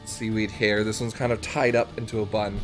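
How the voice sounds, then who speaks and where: A man's voice: lowish voice, flat delivery, brisk, faint music behind. A young man narrating as game master in a casual way, with many fillers.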